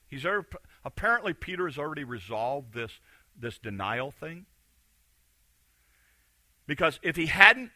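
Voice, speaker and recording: Bright-voiced male preacher. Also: a little high, no echo. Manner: conversational, emphatic preaching with repetition. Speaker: pastor. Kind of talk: sermon.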